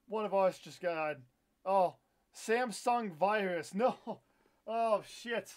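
An excitable young man talks his way through a live game stream, swearing freely and flaring up into loud frustration. His voice sits high for a man. His talk is loose and quick to react. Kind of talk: live gameplay stream commentary.

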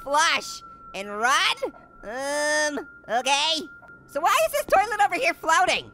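A woman's voice: high-pitched, sing-song, takes it slowly, bright, forceful tone, a little hiss or hum. A woman hosting a comedic let's-play, chatting and giggling as she plays a spooky game. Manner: giggly, jokey, exclaiming. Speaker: gaming channel host.

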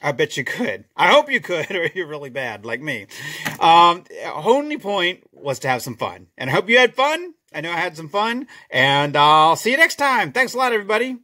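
A man's voice: a little high, sing-song, normal speed, sharp tone. A middle-aged man chatting casually through a drawing tutorial, self-deprecating and chuckling as he goes. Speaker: children's author drawing a comic.

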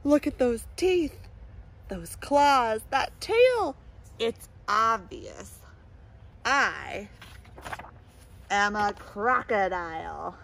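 A woman's voice: fairly high pitch, very animated, extremely slow, vocal fry, pauses often, a bit bright, a little hiss or hum, exaggerated voice, rough recording. A woman doing a stubborn little mouse. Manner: stubborn, insistent. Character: small stubborn mouse insisting he is a tiger. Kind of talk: storybook read-aloud.

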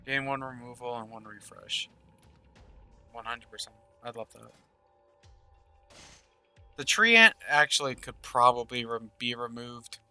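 A man's voice: medium pitch, unhurried, long pauses, bright, forceful tone, smooth, soft background music. A man giving casual gameplay commentary, thinking aloud and murmuring game text as he plays. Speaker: gaming channel host.

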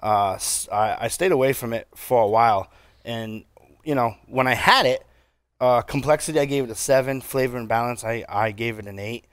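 A man with a New England accent co-hosting a casual chat, relaxed and halting with lots of fillers. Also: medium pitch, clean tone, no echo, studio quality. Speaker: podcast co-host.

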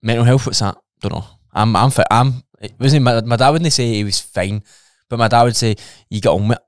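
A man's voice: medium pitch, fairly quick, clean tone, no room sound, studio quality. A Scottish man chatting casually as a guest on a podcast, talking bluntly with plenty of swearing.

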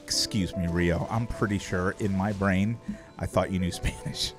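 A man's voice: low voice, fairly even intonation, moderate pace, music in the background. A man chatting casually on a live game stream, playful and joking, swearing freely. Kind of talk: casual live-stream chat while gaming.

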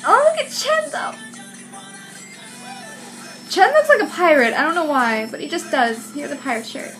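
A young woman hosting a reaction video, excitable, shrieking and laughing as she comments. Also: sits high, normal speed, soft background music.

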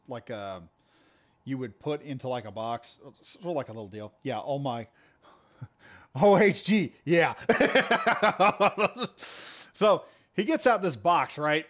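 A man streaming a game while telling a long, animated story with lots of laughs and restarts. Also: mid-range voice, lo-fi sound. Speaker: gaming streamer. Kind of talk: casual storytelling on a live stream.

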